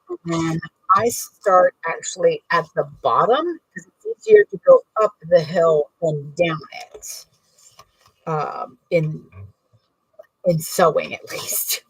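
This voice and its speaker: A woman talks through a sewing project in a casual, rambling way, correcting herself as she goes. Her voice sits a little low and sounds husky. The sound is dry and a bit distant from the mic. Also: dry recording. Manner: chatty, rambling, self-correcting while working. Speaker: bag maker demonstrating sewing. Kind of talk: casual sewing tutorial chat.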